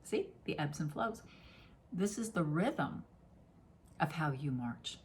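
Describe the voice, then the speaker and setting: A woman's voice: deep voice, lively intonation, slow pace, slight background noise. Effusive woman giving an oracle card reading. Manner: effusive and playful, with sudden exclamations. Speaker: spiritual reader.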